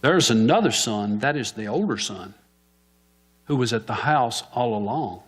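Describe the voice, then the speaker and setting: A man's voice: mid-range voice, expressive, unhurried. A man preaching a sermon in church, asking the congregation questions and answering them himself.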